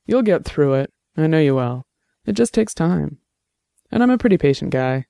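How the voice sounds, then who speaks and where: A man voicing a gentle young man who talks steadily and reassuringly, with a light joking touch. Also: a little high, expressive, normal speed, vocal fry, no room sound, clean studio sound. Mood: tender, reassuring.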